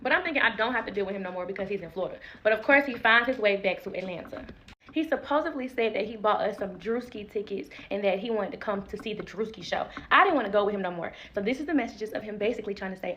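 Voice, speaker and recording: Fast-talking animated woman. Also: mid-range voice, lo-fi sound, slight background noise. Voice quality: animated, emphatic, quick to laugh. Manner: slangy and expressive, acting out quoted lines. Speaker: storyteller. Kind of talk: casual storytime.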